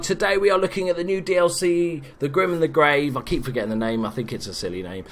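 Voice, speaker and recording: A man's voice: a little high, fast talker, hardly any pauses. A man hosting a casual gameplay guide, talking in an offhand, joking way with frequent asides. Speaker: game guide host.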